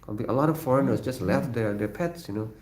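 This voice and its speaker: A man from Indonesia with an Indonesian accent, hosting a casual livestream from his kitchen, answering viewer comments in a halting way with many fillers and frequent chuckles. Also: medium pitch, a little mellow, slight background noise. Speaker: livestream host. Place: home kitchen. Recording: roomy echo.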